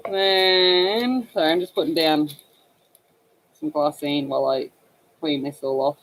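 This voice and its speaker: A woman's voice: low-pitched, unhurried, pauses often, rough recording. Chatty Australian woman livestreaming. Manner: chatty, explains slang to viewers. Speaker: livestream host. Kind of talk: casual livestream chat while coloring.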